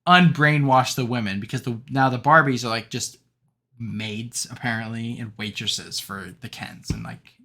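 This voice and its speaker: Bright-voiced young man reviewing movies casually. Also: medium pitch, fairly even intonation, moderate pace. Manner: rambling, many fillers, laughs while recounting jokes. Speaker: podcast co-host.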